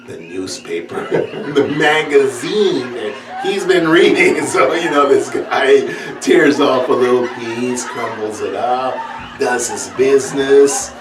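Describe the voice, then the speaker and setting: A man doing stand-up comedy, telling a story, laughing as he goes and putting on high voices. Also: animated, unhurried, crowd noise. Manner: laughs through his own story, acts out characters in high voices. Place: stage with audience. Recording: roomy, distant mic, noisy.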